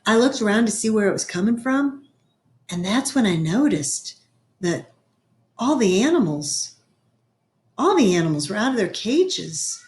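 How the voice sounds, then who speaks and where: A woman reading a children's novel aloud in a gentle storytelling manner, slowing down for effect. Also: mid-range voice, sing-song. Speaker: reader. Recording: echoey room.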